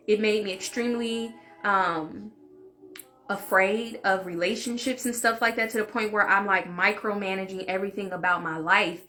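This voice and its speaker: A woman's voice: medium pitch, bright, forceful tone. A young adult woman vlogger telling a candid, emotional personal story in casual conversational talk, with fillers and asides. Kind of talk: storytime vlog.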